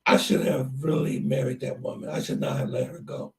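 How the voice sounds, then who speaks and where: A man's voice: medium pitch, steady tone, brisk, vocal fry, a little mellow, distant mic. A man hosting a casual podcast chat, telling stories in a rambling, hesitant way. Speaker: channel host.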